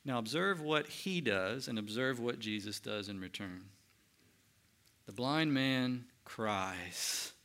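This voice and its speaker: Animated preacher with a bright tone. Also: male voice, medium pitch, slow. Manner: animated preacher, swings between loud and hushed. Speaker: pastor. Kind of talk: sermon.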